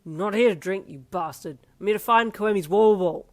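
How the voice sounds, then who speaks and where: A woman's voice: mid-range voice, a little fast, darkish tone, lightly acted. A woman voicing a short-tempered young father who snaps and swears while hunting for his child's toy. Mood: angry. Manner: blunt, irritated.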